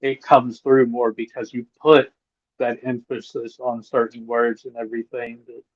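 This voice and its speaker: A man's voice: mid-range voice, little pitch movement, moderate pace, highs cut off. A man on a round-table panel, talking as an eager, opinionated fan in casual chat.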